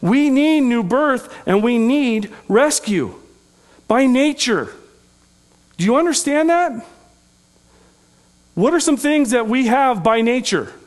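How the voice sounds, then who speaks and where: A middle-aged pastor preaching a sermon in an earnest, conversational way, with folksy asides and humor. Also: male voice, extremely high pitch, animated, slow, long pauses.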